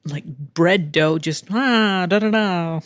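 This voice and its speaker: A woman's voice: fairly low pitch, takes it slowly, no room sound, studio quality. A woman hosting a podcast, telling a personal story in a candid, chatty way, laughing often and swearing casually. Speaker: podcast host. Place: home in Texas.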